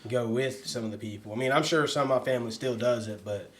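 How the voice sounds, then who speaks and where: A man's voice: medium pitch, fast, fairly bright tone. A man co-hosting a podcast, speaking reflectively in a casual chat and laughing often. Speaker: podcast co-host.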